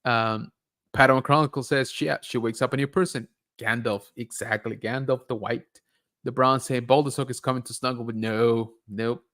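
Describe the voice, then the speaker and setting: A man hosting a live stream, reading viewer comments aloud and reacting in a relaxed, chatty way. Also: medium pitch. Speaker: livestream host reading viewer chat. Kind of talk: casual live-stream chat.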